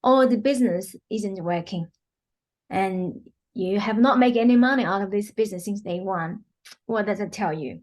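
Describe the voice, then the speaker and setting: A woman appears as an interview guest, earnestly explaining her work as a healing practitioner. She leans on "you know" fillers and acts out quotes, speaking at normal speed in a medium-pitched, darkish voice.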